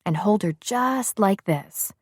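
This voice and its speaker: A woman's voice: mid-range voice, lively intonation, slow, slightly rough, no room sound, clean studio sound, pitched above the performer's own voice. Woman voicing a kind, patient young mother. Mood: gentle. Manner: gentle, patient, instructive.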